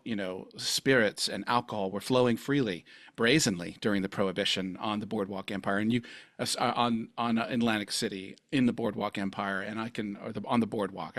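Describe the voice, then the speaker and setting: A man's voice: on the low side, fairly bright tone, dry recording, studio quality. A man hosting a podcast interview, rambling and effusive in his praise. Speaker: podcast host. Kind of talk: casual interview chat.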